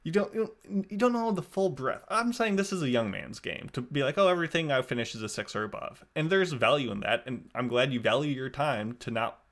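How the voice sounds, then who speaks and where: A man's voice: mid-range voice, animated, a little fast, few pauses, a bit bright. A man hosting a podcast in a casual, rambling, wry way, often restarting his sentences. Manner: rambling, self-correcting, wry. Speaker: podcast host.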